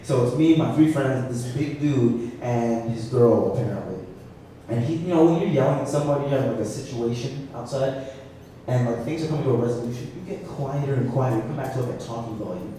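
Guy doing live stand-up, animated self-mocking story, super echoey, mic far off. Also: medium pitch, fairly quick, a little hiss or hum. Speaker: stand-up comedian. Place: comedy venue. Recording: echoey room heard from a distance.

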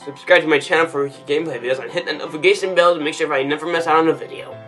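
A man's voice: a little high, very fast. Young guy ranting through a movie review, trips over his words a lot, faint music under it. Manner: excitable, ranting, stumbling restarts. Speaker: YouTube reviewer.

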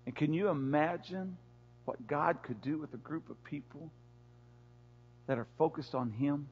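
A man's voice: on the high side, a little slow, pauses often, breathy edge. A man preaching a sermon as pastor in a church, pleading with his listeners in an impassioned, repetitive way. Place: church sanctuary. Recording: echoey church hall, dull lo-fi sound.

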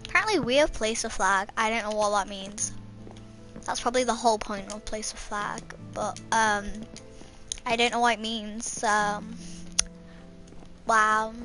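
A woman's voice: on the high side, fairly even intonation, measured pace, pauses often, pushed and bright, faint music behind. A young woman giving playful, casual commentary while she plays a game, humming and singing little repeated lines to herself. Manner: playful, sings and hums to herself. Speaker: gamer.

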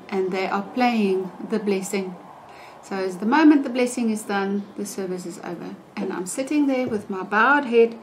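An older woman hosting a podcast, telling a funny story in a casual, animated way and laughing often. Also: medium pitch, slight background noise. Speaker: podcast host.

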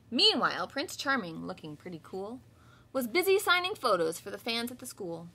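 A woman in her thirties teaching kindergarten in a livestreamed class from home reads a picture book to children, then goes over letter sounds. Her bright, fairly high voice, slightly breathy, swoops animatedly through the story at normal speed as she voices the characters with lively flair.

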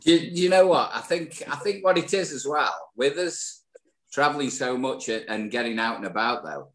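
A man's voice: medium pitch, lively intonation, moderate pace, fairly bright tone. A man co-hosting a podcast, chatting casually with rambling restarts and jokes. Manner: rambling, restarts words, joking. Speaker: podcast co-host.

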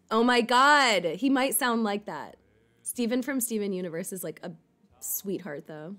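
A woman's voice: on the low side, a little mellow. A woman streamer chatting casually with viewers, rambling with lots of "like" and casual swearing. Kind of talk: casual chat.

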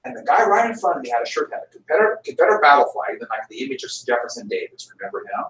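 A middle-aged American man teaching a history class, telling stories in an animated, joking way. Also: medium pitch, rapid-fire. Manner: animated, jokey storyteller with laughs. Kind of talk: classroom lecture with storytelling. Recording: roomy classroom audio from a distance.

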